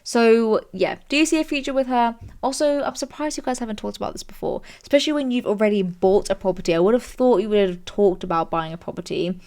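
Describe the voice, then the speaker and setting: A woman's voice: fast talker, few pauses. Chatty young British woman. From Britain. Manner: chatty, animated, jumps into high squeals when amused. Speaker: streamer reading and judging online stories. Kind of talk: casual commentary reading posts aloud.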